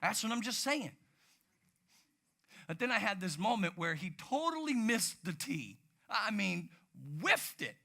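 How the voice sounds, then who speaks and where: A male pastor delivers a sermon with a bright, forceful tone and a voice sitting a little high. He talks in lively swings, dropping to hushed, low passages and then rising to loud, near-shouted bursts. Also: a little slow, gravelly.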